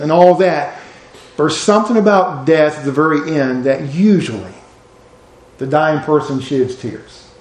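Pastor guy preaching, kinda high voice, earnest, goes quiet and soft a lot, roomy echo. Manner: earnest, rises for emphasis then drops low and soft. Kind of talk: sermon.

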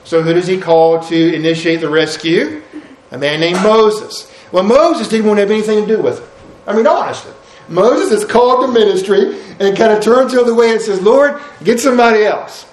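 A man's voice: high voice, a little fast. A male pastor preaching a sermon, chatty and full of rhetorical questions. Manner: conversational, rhetorical questions, storytelling. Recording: roomy echo.

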